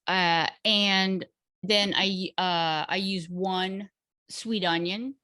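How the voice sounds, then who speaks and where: A woman in casual chat, explaining a home recipe step by step in an unhurried, hesitant way with many fillers. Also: mid-range voice, fairly even intonation, bright, forceful tone, no room sound, clean studio sound. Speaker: guest cook sharing a recipe.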